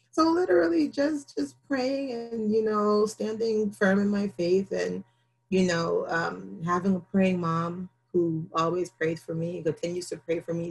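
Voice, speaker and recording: A woman's voice: on the low side, husky. A woman talking candidly as an interview guest, telling her story with animation and acting out her own past words.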